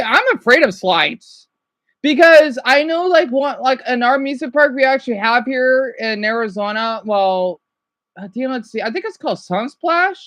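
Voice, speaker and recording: A woman with a fairly high voice chats casually as a streamer reacting to videos. She rambles, restarts her sentences and trails off mid-thought. The sound is dry and close. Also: expressive, moderate pace, a bit bright, no echo. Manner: chatty, trailing off and restarting, laughs easily.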